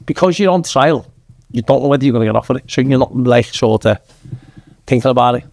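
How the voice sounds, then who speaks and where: A man's voice: mid-range voice, level tone, fast, gravelly, darkish tone. A man in his thirties with a Manchester accent, telling his story as a podcast guest in a blunt, sweary way. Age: 30s. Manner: blunt, sweary, keeps saying "lad". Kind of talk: casual storytelling.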